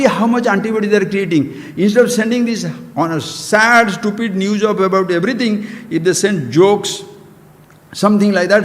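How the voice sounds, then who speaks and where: A man's voice: high voice, long reverb tail. A man with an Indian accent giving a spiritual discourse as a teacher, emphatic and scolding, full of rhetorical questions.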